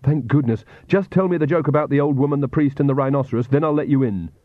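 Man voicing a young witch woman, wary, defiant, higher voice, phone-like sound. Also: fast talker, no room sound, lightly acted.

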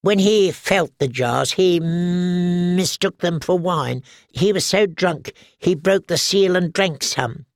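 A man reading an audiobook, voicing a nervous male alchemist with a squeaky, halting voice full of hesitations. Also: no echo, clean studio sound. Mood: flustered.

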